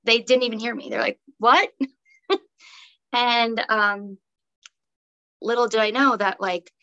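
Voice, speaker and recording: A woman's voice: fairly high pitch, fairly even intonation, takes it slowly, a bit bright. A young adult woman telling her own story as a podcast guest in casual, conversational speech filled with "um" and "like". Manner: chatty, many fillers like "um" and "like". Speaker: podcast guest, breathwork teacher. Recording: dull lo-fi audio.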